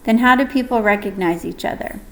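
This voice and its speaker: A woman's voice: mid-range voice, fairly quick, slight background noise, close to an everyday voice. A woman voicing an anxious young boy of about ten who asks small pleading questions.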